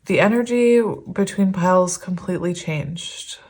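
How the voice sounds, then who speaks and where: A woman's voice: fairly low pitch, measured pace, darkish tone. A woman in her thirties doing a casual tarot reading to camera, rambling and affectionate with frequent giggles, her voice teary as if on the verge of crying. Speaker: tarot reader.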